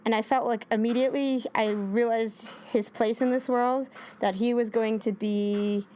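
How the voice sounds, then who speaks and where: A woman's voice: fairly high pitch, fairly even intonation, normal speed, darkish tone, slight background noise. A woman co-hosting a casual TV recap, rambling with many restarts and frequent laughs. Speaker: co-host.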